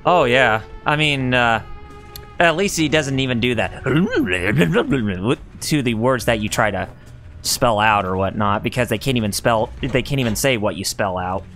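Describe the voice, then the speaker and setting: A man streaming a video game, giving chatty, animated commentary full of reactions and jokes. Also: medium pitch, measured pace, faint music behind. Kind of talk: casual let's-play commentary.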